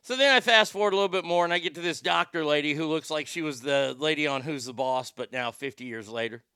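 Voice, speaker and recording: Gravelly, bright-voiced livestream host man. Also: fairly high pitch, quick pace, no echo, clean studio sound. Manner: rambling and profane, with frequent restarts. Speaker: livestream host reading viewer chat. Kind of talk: casual livestream chat.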